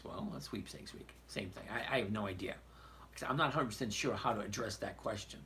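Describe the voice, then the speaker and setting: The host of this casual live trading stream reads viewer questions aloud and bluntly breaks down the numbers on his screen. He talks fairly quickly in a gravelly, fairly low voice with a fairly bright tone, and a little hiss or hum comes through.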